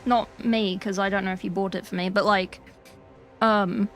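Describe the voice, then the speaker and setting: A British woman livestreaming as she paints miniatures, chatting casually and reading chat messages with sweary, deadpan joking asides. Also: medium pitch, moderate pace, faint music behind.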